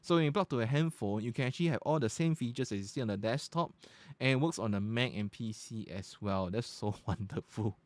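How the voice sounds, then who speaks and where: Hardly pausing, a man with a mid-range voice talks a little fast through a casual tech review at his desk. He goes feature by feature in an informal, chatty manner, and the studio USB podcast microphone, placed close to medium distance, captures a dry recording.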